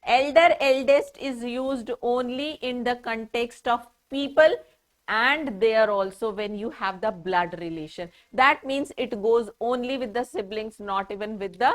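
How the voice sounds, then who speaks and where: A woman's voice: on the high side, a little slow. A woman with an Indian English accent teaching a grammar lesson to children, patiently spelling words out letter by letter.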